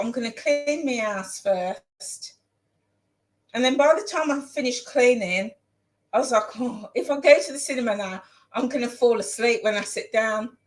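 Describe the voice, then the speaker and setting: Chatty woman, slightly high voice. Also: rough recording. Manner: chatty, rambling, repeats phrases for emphasis. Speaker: vlogger. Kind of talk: casual chat while cooking. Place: home kitchen.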